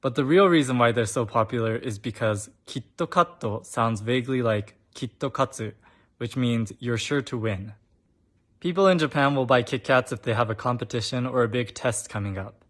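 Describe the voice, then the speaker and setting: A man's voice: mid-range voice, moderate pace, a bit bright. A young man giving a comedic short-form language lesson, jokey and playful, full of puns, recorded on a phone. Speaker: language teacher on short videos.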